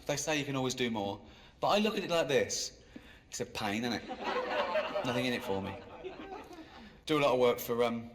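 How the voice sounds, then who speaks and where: A man doing stand-up in a dry, self-mocking way that jumps into high, exasperated squeals. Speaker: stand-up comedian. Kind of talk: stand-up routine. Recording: live comedy club with crowd laughter. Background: audience laughing.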